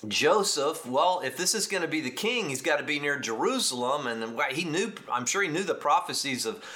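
A man with a Texas accent preaching a sermon, teaching in an animated, emphatic way with frequent restarts and asides to the congregation. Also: a little high. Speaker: pastor.

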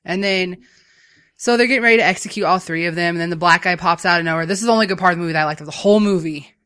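Brief: quick, bright-toned talker, dry close sound, rambling casual movie recap. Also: mid-range voice, smooth, dry recording. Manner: rambling, animated retelling full of fillers. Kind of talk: casual chat.

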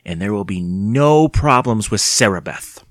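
Guy voicing a hard cold old auntie, slow and stern, dry close sound, storybook. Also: fairly low pitch, animated, no room sound. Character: cold stern old aunt, about eighty.

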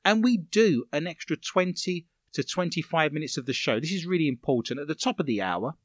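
A man's voice: fairly high pitch, animated, fairly quick, no echo. A man with a Romford English accent hosting a comedy radio show in a studio, joking as he reads out listener messages. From England.

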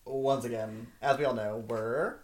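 A woman's voice: rumbling low, fairly even intonation, a little slow, a crowd in the background. A woman co-hosting a casual chat, talking in a wry, joking way and laughing often. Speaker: podcast co-host.

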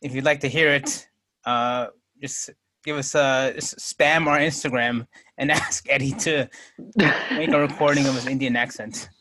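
A man's voice: mid-range voice, steady tone, moderate pace, pushed and bright. A man hosting and moderating a casual group podcast, joking and laughing often.

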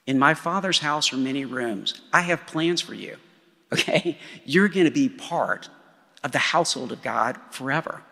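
A preacher voicing a calm, solemn male teacher who consoles his followers in a soft, reassuring way. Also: a little high, moderate pace, gravelly, heavily acted. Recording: long hall reverb.

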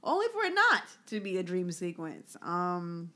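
A woman's voice: on the low side, wildly swooping pitch, normal speed, pushed and bright. A woman co-hosting a casual podcast, reacting expressively and voicing her own inner thoughts. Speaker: podcast co-host. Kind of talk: casual chat. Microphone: studio mic.

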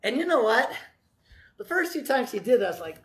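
A middle-aged man preaching a sermon in a folksy way, with joking asides, slowing down to stress key words. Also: very high-pitched, sing-song. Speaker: pastor.

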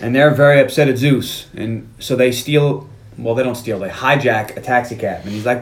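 Male podcast host, playful scene-by-scene recap with quick impressions, recorded in a roomy space. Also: mid-range voice. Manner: animated retelling with quick impressions of characters. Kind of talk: casual movie podcast recap.

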